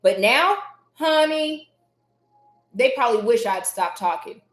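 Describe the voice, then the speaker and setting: Speaking with emphasis on a motivational live stream, this woman repeats her main phrases and responds to viewers by reading their names from chat. She's animated at a medium pitch and moderate pace, in an echoey room with faint music behind her.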